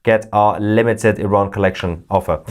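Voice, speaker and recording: A man hosting a live news stream, reading chat messages with sarcastic jokes and sudden high-pitched mock voices. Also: steady tone, normal speed, darkish tone. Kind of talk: casual live-chat commentary.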